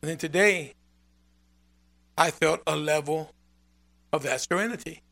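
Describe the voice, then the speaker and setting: A man preaching a sermon as pastor, emphatic and repetitive, with sudden loud swells. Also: fairly high pitch, measured pace, creaky.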